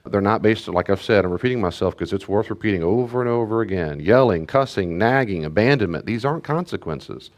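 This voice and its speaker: A man's voice: fairly low pitch, lively intonation, brisk, hardly any pauses. A middle-aged man, a pastor, teaching parents in a conversational way, repeating key phrases and acting out parent and child voices. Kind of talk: teaching talk to a church group.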